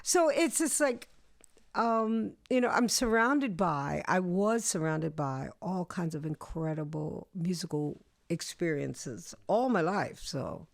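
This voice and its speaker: Middle aged woman musician telling stories in an interview, low gravelly voice, dry close sound. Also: slow pace, dry recording. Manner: animated storyteller, acts out voices. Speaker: musician guest. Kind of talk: storytelling interview chat.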